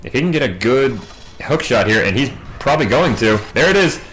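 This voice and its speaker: A man doing solo play-by-play game commentary, racing through big fights and dropping wry asides in quiet moments. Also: mid-range voice, rough recording. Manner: quick, excitable calls in big plays, wry asides in lulls. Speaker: match commentator.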